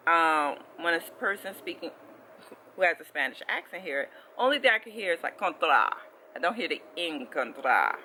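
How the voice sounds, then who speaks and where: A casual vlogger explains how they study a language, with a bright, slightly sharp tone. The talk is animated and loose, with frequent restarts and repeated "okay?" check-ins to the viewer. The pitch sits in an ordinary middle range. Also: slight background noise, rough recording.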